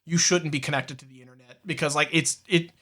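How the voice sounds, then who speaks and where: High, bright-voiced rambling podcast man. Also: fairly even intonation, fast. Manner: rambling, swears a lot, breaks into laughter. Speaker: podcast co-host. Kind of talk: casual chat.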